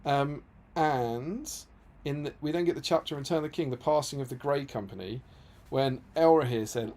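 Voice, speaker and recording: A man's voice: mid-range voice, normal speed. Chatty guy reading book quotes. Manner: lively storyteller who reads quotes aloud and adds jokey paraphrases. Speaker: co-host of a tabletop wargaming stream. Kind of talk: casual chat.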